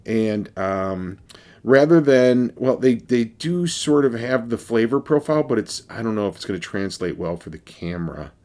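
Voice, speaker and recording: A man's voice: medium pitch, expressive, moderate pace, darkish tone. A man casually reviewing a beer for his vlog, rambling and wry, with many fillers and restarts.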